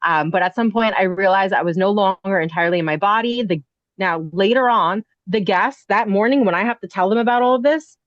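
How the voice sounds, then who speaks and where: A woman's voice: mid-range voice, a little fast, no echo. Lady guest rambling thru a spooky story, like, you know, dull dry audio. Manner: breathless, rambling, heavy use of "like" and "you know". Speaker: podcast guest, inn owner. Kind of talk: telling a personal ghost story.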